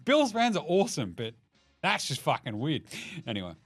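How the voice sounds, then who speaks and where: Faint music plays behind a man in his thirties with an Australian accent as he hosts a casual sports podcast at normal speed. His slightly high voice swings hugely in pitch while he rambles, swears, jokes and mimics quotes in silly voices.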